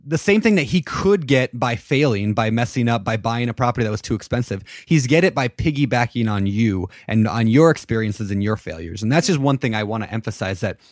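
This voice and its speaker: A man hosting a podcast, chatting casually and with energy, often stumbling over the first words of a thought. His voice sits at a middle pitch. The sound is close and dry. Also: fairly quick, hardly any pauses, no echo. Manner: animated, repeats words when starting. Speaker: podcast host.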